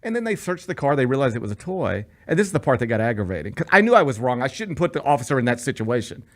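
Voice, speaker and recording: Animated male sports radio host. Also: medium pitch, fast talker. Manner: animated storyteller, acts out quotes. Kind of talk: casual sports radio chat.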